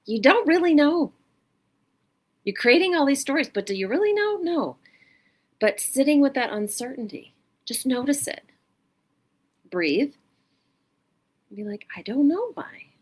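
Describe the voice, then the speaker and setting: A woman hosting a mindfulness show, giving a gentle, unhurried self-help talk with a guided practice in short reflective phrases. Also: sits high, sing-song.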